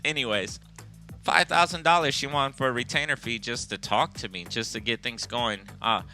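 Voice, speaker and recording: Blunt, cussing man with a bright voice. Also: mid-range voice, moderate pace, soft background music. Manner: blunt, profane, street-smart. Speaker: EMS worker and instructor. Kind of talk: casual podcast storytelling.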